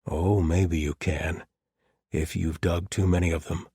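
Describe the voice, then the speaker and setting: A broad paladin captain speaks in a low, husky voice, as a male narrator plays him. His humor is deadpan and dry, delivered evenly in a close, dry sound. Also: unhurried, dry recording, exaggerated voice.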